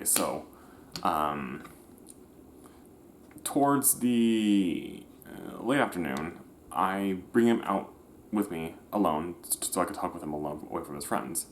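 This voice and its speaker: A man's voice: deep voice, unhurried, long pauses, slight background noise. A man telling a personal story in a casual, rambling way, often restarting and correcting himself, with slangy everyday talk. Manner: slangy, conversational.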